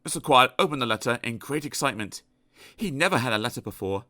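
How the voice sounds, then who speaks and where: A man narrating a children's storybook aloud in an expressive, animated storytelling manner. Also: mid-range voice, quick pace, dry recording, studio quality. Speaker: audiobook narrator.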